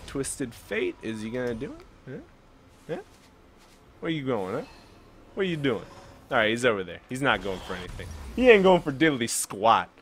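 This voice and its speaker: A young man giving casual gameplay commentary, chatting calmly one moment and yelling at the game the next. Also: mid-range voice. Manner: excitable, swings from calm chatter to yelling at the game.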